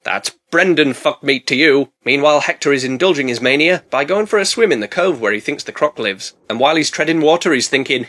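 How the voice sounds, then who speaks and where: Sarcastic guy doing a jokey movie recap, kinda high voice, bouncy delivery. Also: a little fast, hardly any pauses. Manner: sarcastic, punning, deadpan asides. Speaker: film reviewer. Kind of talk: comedic film recap narration.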